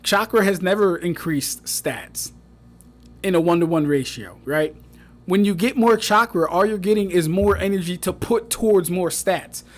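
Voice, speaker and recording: A young man with a high voice gives loose, profane livestream commentary. He picks apart what he reads with mocking disbelief, repeats himself for effect and keeps breaking into laughter. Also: normal speed. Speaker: streamer reviewing fan debates.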